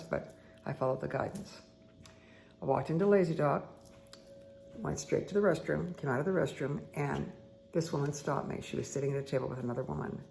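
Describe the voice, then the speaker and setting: A woman hosting a meditation and tarot session, talking casually with a croaky, dry-throated voice and rambling, friendly asides to her viewers at home. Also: deep voice, darkish tone, slight background noise. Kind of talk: casual chatty talk to viewers.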